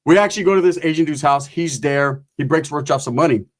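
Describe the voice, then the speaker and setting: A man's voice: fairly high pitch, fast. A man casually telling a crude comic story from his own life in street slang.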